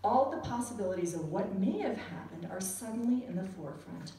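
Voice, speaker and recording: A woman's voice: mid-range voice, lively intonation, brisk, mellow. A woman telling a wry, self-deprecating true story to a live audience at a cafe storytelling night. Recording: echoey cafe recording from far off with room noise. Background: audience laughter.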